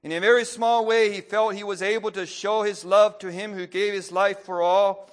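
A man preaching a sermon who reads a story aloud, then speaks plainly with pauses and fillers, clearing his throat often. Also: high voice, steady tone.

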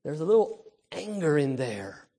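A man's voice: a little high, very animated, normal speed, warm tone. A male pastor preaching a Sunday sermon to the children, emphatic and storytelling, calling out to the congregation. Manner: storytelling, imitates baby cries.

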